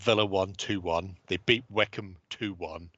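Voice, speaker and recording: A man's voice: sits low, steady tone, a little slow, a bit bright, breathy edge, no echo, muffled recording. A man co-hosting a hobby live stream, rambling and swearing with frequent laughs in casual late-night chat.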